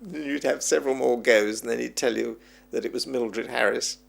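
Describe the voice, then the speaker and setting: Gravelly and medium-pitched, a man talks at normal speed while being interviewed as a film historian. He's a lively storyteller, reminiscing at length and putting on the voices of the people he quotes.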